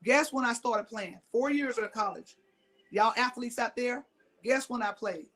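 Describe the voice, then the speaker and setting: This middle-aged Mississippi woman speaks a little slowly in a fairly high, slightly bright voice. Giving a motivational talk, she's emphatic, returns to her key lines again and again, and poses questions to the audience.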